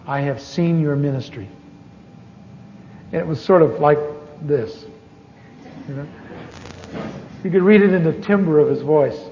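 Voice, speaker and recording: Higher-voiced man preaching in an echoey hall. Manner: conversational storytelling with halting restarts. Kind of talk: personal testimony sermon. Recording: echoey hall, dull lo-fi tape.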